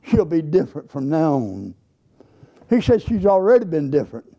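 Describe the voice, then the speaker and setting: A man's voice: a little high, sing-song, moderate pace, mellow. An older man, a Baptist preacher telling a story in a sermon and acting out both sides of the dialogue in a folksy way.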